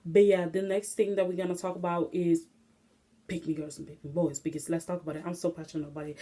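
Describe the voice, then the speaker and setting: A woman's voice: fairly low pitch, moderate pace, mellow, a little hiss or hum. Young woman rambling on a solo podcast. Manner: rambling, filler-heavy, restless. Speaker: podcast host. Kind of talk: casual solo vlog-style podcast. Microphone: phone camera.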